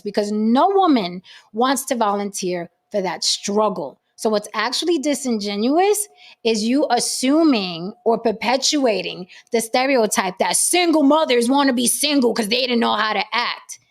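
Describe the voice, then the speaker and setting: A woman hosting a livestream talk show with a fairly high voice. She talks in a blunt, emphatic way, full of profanity. She holds forth to her viewers and answers chat comments as she goes. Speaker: host.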